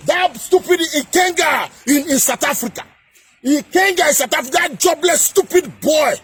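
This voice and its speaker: A man with a Nigerian accent delivering a heated political rant to camera, repeating himself and often shouting. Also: extremely high pitch, normal speed, soft background music. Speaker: political commentator.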